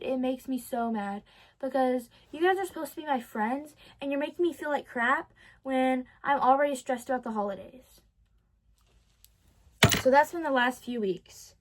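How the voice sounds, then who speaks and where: A teenage girl telling a diary-style vlog story, animated and dramatic, often correcting herself mid-sentence. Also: high-pitched. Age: teens. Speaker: vlogger.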